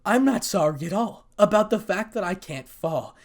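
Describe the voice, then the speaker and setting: A man's voice: a little high, animated, moderate pace, pitched above the performer's own voice. A man voicing a cold-hearted, bitter teenage boy who speaks in a cutting way.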